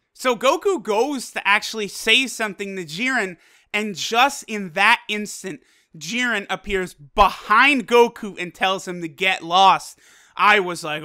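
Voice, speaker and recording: A man giving an excited, casual, profane review of an anime episode, retelling scenes as a fan. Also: sits high.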